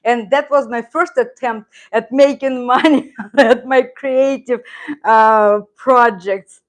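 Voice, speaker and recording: Taking it slowly in a fairly high voice, a middle-aged woman hosts a live stream as a Russian teacher and channel host. A native Russian speaker with the accent to match, she chats casually, rambles, reads comments from viewers and laughs often.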